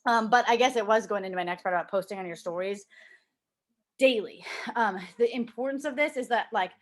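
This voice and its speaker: A woman's voice: mid-range voice, brisk. Chatty young woman coaching her team. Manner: chatty, lots of "like", animated quoted voices. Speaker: team leader coaching a sales team. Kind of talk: casual motivational talk. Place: at home with a child nearby.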